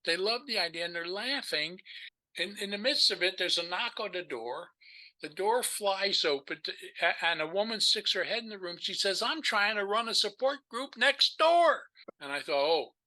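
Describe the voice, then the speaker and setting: An older man, a podcast guest, telling stories in an animated, rambling way, with many restarts. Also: high-pitched, normal speed, poor audio. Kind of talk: storytelling in a casual chat.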